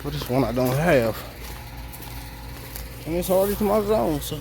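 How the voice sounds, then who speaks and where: Laid-back guy walking his garden, a bit high voice, thinks out loud, faint outdoor hum. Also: expressive, moderate pace, poor audio. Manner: easygoing, musing, thinks aloud. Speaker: home gardener. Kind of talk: casual garden walk-through. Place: outdoor garden on a hot day.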